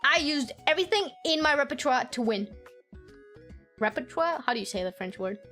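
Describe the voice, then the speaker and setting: High-voiced woman streamer, swearing and laughing. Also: animated, brisk, pushed and bright, faint music behind. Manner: swears freely, laughs often, mimics family members in high voices. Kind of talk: casual storytelling chat with viewers.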